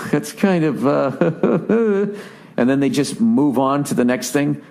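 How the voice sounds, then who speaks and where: A man's voice: mid-range voice, a little mellow. A man hosting a podcast, delivering a profane, sarcastic, exasperated comedic rant in a casual monologue. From United States. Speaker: podcast host.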